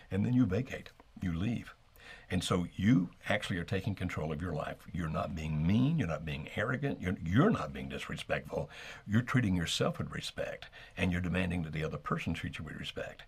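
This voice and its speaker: A middle-aged man co-hosting an advice talk, speaking in a measured, steady way and modeling calm phrasing. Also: low-pitched, vocal fry, slightly rough. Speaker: co-host giving relationship advice.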